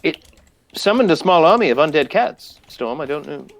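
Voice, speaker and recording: A man musing his way through a tabletop game, his fairly high voice rising and falling in animated swings. He hedges his guesses aloud. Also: moderate pace. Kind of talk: casual in-character game chat.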